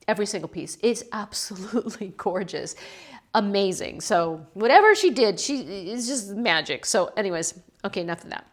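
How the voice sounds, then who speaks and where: Chatty, emotional woman pottery vlogger. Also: on the high side. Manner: chatty and emotional, laughing through near-tears. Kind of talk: casual chat.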